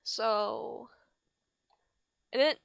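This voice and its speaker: A woman's voice: a little high, very slow, gravelly, dry recording. A woman giving a comic reading of fan fiction, with sarcastic, mock-exasperated asides and tripped words. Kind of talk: comedic dramatic reading with asides.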